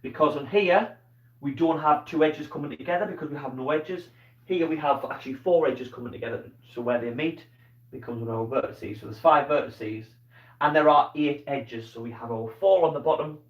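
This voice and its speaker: A man's voice: mid-range voice, normal speed. A man with a Scottish accent teaching a live online maths lesson, explaining patiently step by step and checking in with "okay?". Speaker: primary school teacher. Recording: dull, roomy sound from a distance.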